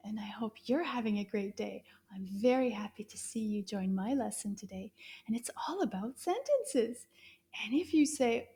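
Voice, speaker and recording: A woman teaching a children's French lesson, speaking slowly and encouragingly, repeating words for young learners to echo, with soft whispered asides. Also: fairly high pitch.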